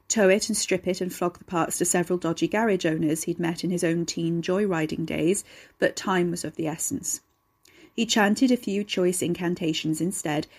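A woman, reading a dark story aloud at a steady, measured pace. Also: fairly low pitch, slightly rough. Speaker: narrator. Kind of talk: storytelling narration.

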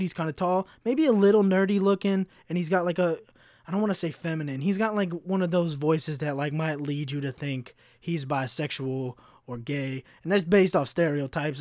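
Young man ranting profanely, slightly high voice. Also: a little mellow, dry recording, studio quality. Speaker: podcast host. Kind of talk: solo podcast rant.

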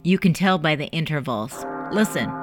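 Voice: mid-range voice, lively intonation, moderate pace, music in the background, close to an everyday voice. A narrator voicing a sly teenage boy who teases and pushes his friend in a pushy, smirking way. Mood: knowing. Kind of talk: audiobook character voice.

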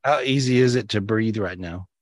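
A man's voice: lowish voice, moderate pace, no echo, studio quality. Effusive man on a video call. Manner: warm, effusive, repeats phrases. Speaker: spiritual healer and show host. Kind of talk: live video-call podcast, guided healing.

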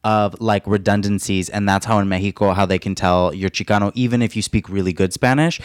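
Male podcast co-host, lowish voice, dry close sound, loose chatty delivery. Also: fairly even intonation, brisk, clear, resonant tone, dry recording. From United States. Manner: chatty, laughs often, lots of fillers. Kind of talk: casual chat.

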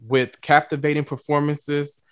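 A man hosting a music and talk radio show, lively and playful, with slang and drawn-out emphasis. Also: fairly high pitch, clean tone, dry recording.

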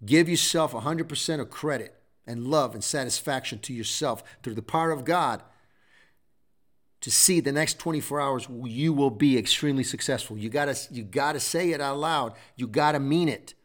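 A man's voice: mid-range voice, moderate pace, a bit bright. A middle-aged man hosting a show, giving a preachy motivational talk full of repeated exhortations. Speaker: show host.

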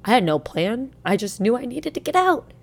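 A young woman telling a personal story in a halting, emotional way, close to tears at times. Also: fairly high pitch, very animated. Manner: halting, emotional, with many restarts.

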